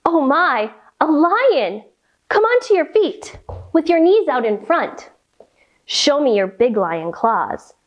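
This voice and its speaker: A woman reading a picture book aloud and leading children through yoga poses in a slow, sing-song, animated way. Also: sits high, muffled recording. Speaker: kids' yoga teacher reading a story. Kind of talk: storytime yoga lesson for children.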